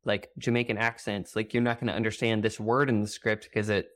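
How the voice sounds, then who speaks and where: A woman's voice: very deep voice, level tone, fairly quick. Chatty young woman sharing trivia. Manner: chatty, many fillers, reads out trivia. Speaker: podcast co-host. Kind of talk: casual rewatch podcast chat.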